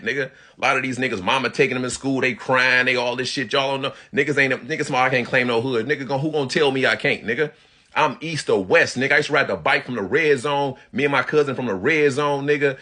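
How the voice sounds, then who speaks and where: A man from Detroit talks straight to his viewers in a thick Detroit accent, blunt and profane. His voice has a bright, forceful edge. He sounds like he's in his thirties. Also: medium pitch. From Detroit, USA. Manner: blunt, profane street talk with loud imitations. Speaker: vlogger. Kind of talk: casual monologue to camera.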